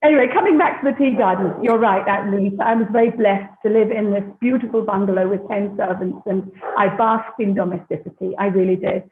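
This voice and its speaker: A woman's voice: medium pitch, a little fast, few pauses, slight background noise. Chatty British woman on a tinny line. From London, England. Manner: chatty, laughs often. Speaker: guest. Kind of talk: casual interview chat. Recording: echoey, tinny phone-like line.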